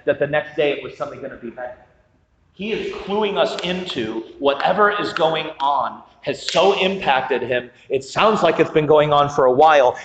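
A male pastor delivering a sermon in an easygoing, conversational way, poking fun at himself as he goes. His voice rings through a roomy church hall with a long reverb tail. The recording sounds somewhat dull and lo-fi. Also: on the high side. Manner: conversational, self-deprecating humor.

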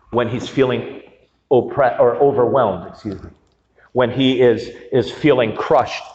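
A male pastor delivering a sermon in an easygoing, conversational way, poking fun at himself as he goes. His voice rings through a roomy church hall with a long reverb tail. The recording sounds somewhat dull and lo-fi. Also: mid-range voice. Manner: conversational, self-deprecating humor.

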